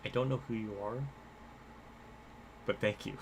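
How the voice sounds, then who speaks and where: A man's voice: fairly low pitch, steady tone, normal speed, music in the background. Young man thinking aloud over a racing game. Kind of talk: live gameplay commentary.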